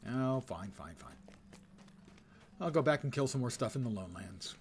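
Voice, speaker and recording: A man's voice: medium pitch, animated, normal speed, faint music behind. Wry older man streaming a game. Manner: wry, rambling, self-mocking asides. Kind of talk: live gameplay commentary.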